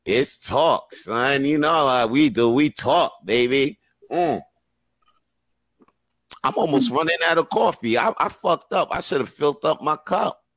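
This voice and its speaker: A man's voice: on the high side, expressive, measured pace, a bit bright, no echo. A man hosting a casual live podcast, talking in a slangy, profane, hyped-up motivational way. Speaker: podcast host.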